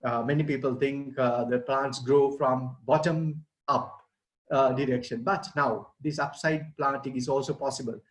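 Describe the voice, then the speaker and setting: A man's voice: mid-range voice, steady tone, moderate pace, low-quality recording. A middle-aged man, giving an online presentation as a gardening expert and explaining things to children and parents.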